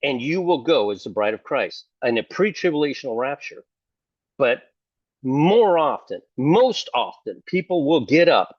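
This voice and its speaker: Lively sarcastic older man preaching. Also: mid-range voice, unhurried, dry recording, muffled recording. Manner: sarcastic, mimics opponents in mock voices. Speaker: online preacher. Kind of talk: casual preaching to camera.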